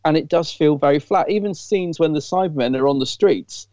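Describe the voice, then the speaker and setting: A man's voice: a little high, brisk, a little mellow, no room sound, dull audio. A man co-hosting a casual podcast chat, sharing candid, enthusiastic fan opinions. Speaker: podcast co-host.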